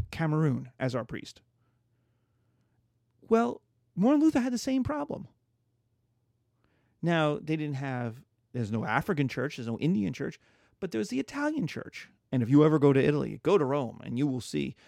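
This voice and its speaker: Brief: middle-aged male lecturer, gravelly, slightly high, lively and jokey, dry close sound. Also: normal speed, long pauses, no room sound. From United States. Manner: animated, jokey, acts out quotes. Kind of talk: casual history lecture.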